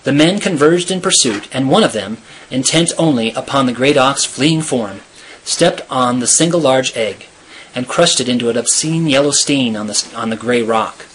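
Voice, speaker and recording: A man reading a novel aloud in a steady, earnest storytelling manner. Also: mid-range voice, normal speed, a little hiss or hum. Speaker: reader.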